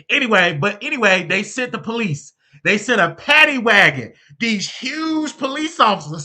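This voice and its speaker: A male host giving commentary on a clip, expressive, telling a personal story with loud exclamations. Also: sits high.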